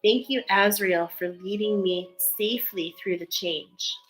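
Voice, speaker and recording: A woman's voice: mid-range voice, unhurried, soft background music, rough recording. A woman giving a spiritual card reading in an earnest, emotional way, reading card texts aloud between loose, filler-filled remarks. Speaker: tarot card reader.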